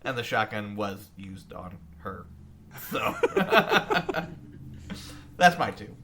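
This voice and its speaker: A man in a casual podcast chat, eager and quick to swear, tumbling over his own restarts. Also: fairly low pitch, huge pitch swings, bright, forceful tone. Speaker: podcast co-host.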